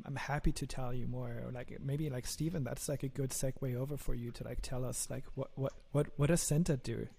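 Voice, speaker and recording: German-accented man, gravelly and mellow. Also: medium pitch. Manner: earnest, repeats words when starting sentences. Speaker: startup founder, guest. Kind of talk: casual interview talk.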